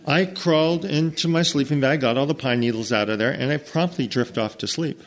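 An American man spins a comic outdoor tale for a crowd, acting out each character and noise. His pitch rises and falls widely, which keeps the telling lively and expressive. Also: fairly quick, few pauses. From United States. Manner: animated, acts out every character and sound. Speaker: storyteller. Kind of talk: comic campfire storytelling to an audience.

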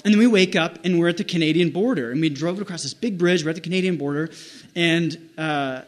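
High-voiced man telling a rambling story. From United States. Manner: rambling, self-mocking, with quick restarts and voiced quotes. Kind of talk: casual spoken anecdote.

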